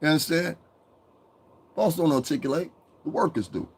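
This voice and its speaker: A man's voice: fairly high pitch, moderate pace, husky. A man from Connecticut hosting a casual commentary monologue, profane and rambling, breaking into mocking impressions. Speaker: commentary channel host.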